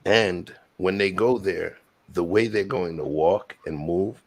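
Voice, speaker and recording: A man's voice: low voice, slow, no echo. A man hosting a casual panel discussion, explaining his points emphatically and repeating words for weight.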